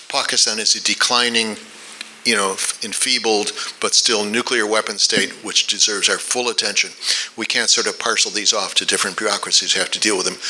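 A man from the United States giving a policy talk and answering questions, measured, often repeating words while he thinks, with dry asides. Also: on the low side, pushed and bright, slight background noise, low-quality recording. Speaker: policy expert speaker.

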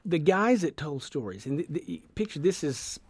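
Southern man from Georgia, radio guest, talks in looping animated stories with lots of restarts; close, dry studio sound. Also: fairly high pitch, normal speed, breathy edge, dry recording. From Georgia, USA. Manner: rambling, animated storyteller with many restarts. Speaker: guest, sound effects artist. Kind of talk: radio interview conversation.

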